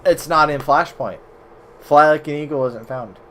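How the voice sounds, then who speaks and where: A young man streaming old web games, chatting casually with viewers, cursing a lot and breaking into sudden loud outbursts. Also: fairly high pitch, moderate pace, slight background noise. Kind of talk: casual gameplay commentary.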